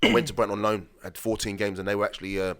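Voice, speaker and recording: Speaking very fast in a slightly bright voice on the low side, with little pitch movement, a man in his late thirties shares rambling anecdotes on a podcast. The former footballer keeps things conversational, restarting and acting out quoted dialogue.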